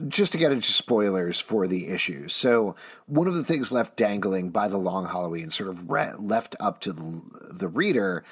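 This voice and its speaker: A man's voice: fairly low pitch, breathy edge. A man hosting a comics podcast in casual chat, wry and leading the talk. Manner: wry, animated, leads the talk. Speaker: podcast host.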